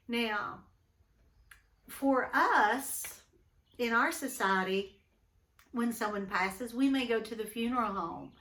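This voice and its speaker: A woman's voice: a little high, a bit bright, reverberant. A woman teacher, recording a lesson at home, talking thoughtfully with many ums. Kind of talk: recorded class lesson, reading and discussion.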